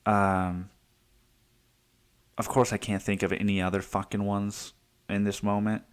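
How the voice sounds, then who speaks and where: Guy rambling on his podcast, swearing a lot, lowish voice, keeps cutting himself off. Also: little pitch movement, unhurried, clear, resonant tone. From United States. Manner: rambling, profane, self-interrupting. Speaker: podcast host. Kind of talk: casual solo podcast monologue.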